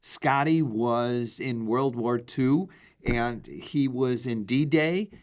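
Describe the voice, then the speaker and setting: A man's voice: medium pitch, very slow. A man co-hosting a podcast, jokey and sharing trivia in casual chat. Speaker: podcast co-host.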